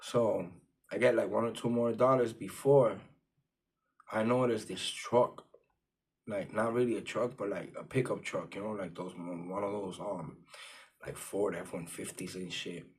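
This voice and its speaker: Low-voiced man telling a street story. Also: fairly even intonation, unhurried, slightly rough. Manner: profane street slang, lots of fillers. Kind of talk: casual storytelling.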